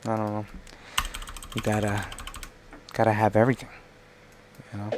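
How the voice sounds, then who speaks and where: A man's voice: fairly low pitch, completely flat delivery, normal speed, noisy background. A middle-aged man streaming live, talking himself through each design step and teasing his child between tasks. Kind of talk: casual livestream chat while working.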